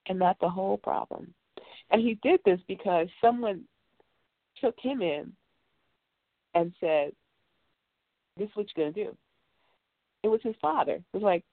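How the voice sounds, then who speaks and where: A woman's voice: fairly high pitch, dry recording. A woman hosting a talk show, telling a story in an earnest, rambling way with lots of fillers. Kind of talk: casual call-in radio talk. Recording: tinny phone-line sound.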